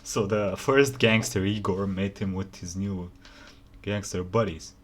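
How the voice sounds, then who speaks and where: A man hosting a reaction video, making relaxed asides between laughs. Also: low voice, measured pace. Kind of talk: casual reaction commentary.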